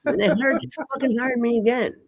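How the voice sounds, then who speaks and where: An older man appears as a guest, telling rambling, profane stories in casual conversation and punctuating them with "okay?" His voice is very high and his pace fairly quick.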